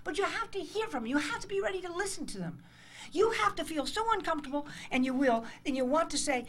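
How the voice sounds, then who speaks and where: A woman's voice: very high voice, big pitch swings, a little fast. A woman in her sixties from the United States, giving an emphatic motivational speech to a room of interns. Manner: passionate, emphatic, acts out dialogues. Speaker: speaker addressing interns. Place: conference hall.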